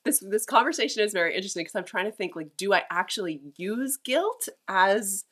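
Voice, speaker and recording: A woman's voice: mid-range voice, expressive, a little fast, a bit bright. A middle-aged woman, a mother co-hosting a casual chat, thinking aloud and restarting her sentences with repeated words. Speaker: mother and podcast co-host.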